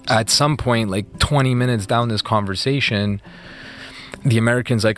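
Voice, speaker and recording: A man's voice: lowish voice, normal speed, no room sound. A man being interviewed about his past, telling the story in a casual, conversational way with lots of "like" and "you know.".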